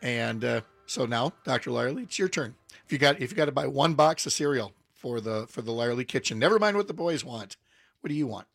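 A man's voice: medium pitch, lively intonation, a little fast, creaky, no room sound, clean studio sound, soft background music. A man hosting a morning radio show, chatting casually and laughing often with his co-hosts.

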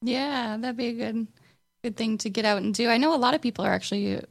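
A woman co-hosts a community radio show and reads out event announcements in a loose, easygoing way. Her voice has a gravelly edge of fry and she leans on fillers as she goes. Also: fairly high pitch, fast talker. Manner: relaxed, with many fillers. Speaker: radio co-host. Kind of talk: casual radio chat with announcements.

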